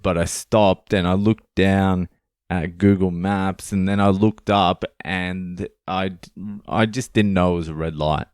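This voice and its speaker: A deep-voiced Australian man tells a story on his podcast in a loose, unhurried ramble, swearing freely and joking at his own expense. His voice is smooth and full, and it sits close and dry with no room sound around it. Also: a little mellow, dry recording. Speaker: podcast host. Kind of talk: casual storytelling monologue.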